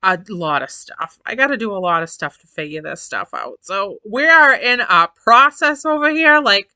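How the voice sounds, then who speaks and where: A woman in her forties talks straight to her viewers in a casual vlog. Her voice is bright and forceful, and the recording is dry and close. She is chatty, laughs often and repeats phrases for emphasis. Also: mid-range voice, expressive, moderate pace, no echo. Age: 40s. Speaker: vlogger. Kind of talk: casual chat to camera.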